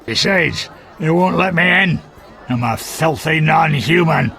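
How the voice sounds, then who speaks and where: A man's voice: on the high side, animated, a little slow, bright, forceful tone, soft background music, some chatter behind, heavily acted. A man voicing a blunt, coarse male dwarf drinking companion in a video game. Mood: tipsy. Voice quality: gravelly.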